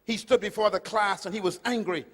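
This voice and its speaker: A man preaching a sermon, emphatic and swinging between loud declarations and hushed storytelling. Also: high voice, brisk, big-room sound. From Caribbean.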